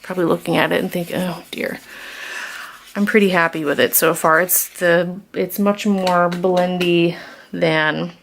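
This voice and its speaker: A woman with a slightly low voice talks her way through a craft project in a loose, rambling way. She keeps tossing in self-deprecating asides. The sound comes from a camera's built-in mic. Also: fairly even intonation, moderate pace, gravelly, a little hiss or hum. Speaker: craft vlogger. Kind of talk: casual craft tutorial chat.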